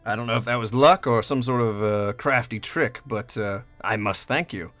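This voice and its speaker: A man voicing a smooth-talking, sly male gambler and trader who flatters and soothes. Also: mid-range voice, moderate pace, dry recording, soft background music, natural voice. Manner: flattering, unctuous, smooth persuasion.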